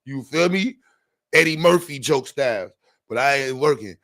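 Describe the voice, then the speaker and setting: A man with a New York accent hosting a podcast, bantering fast and swearing as he jokes. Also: medium pitch, expressive, a bit bright. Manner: profane, joking, rapid banter. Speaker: podcast host. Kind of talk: casual chat.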